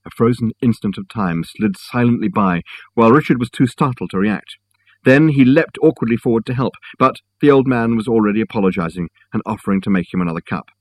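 A man narrating a story with steady, measured storytelling. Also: fairly low pitch, slightly rough. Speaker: audiobook narrator. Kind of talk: scripted narration.

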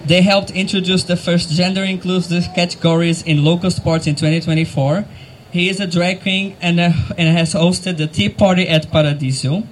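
A man working as MC at an outdoor gathering, speaking emotionally and haltingly, with frequent fillers and small laughs. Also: sits high, steady tone, a little hiss or hum, poor audio. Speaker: event MC. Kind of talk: live outdoor event hosting. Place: outdoor event crowd gathering.

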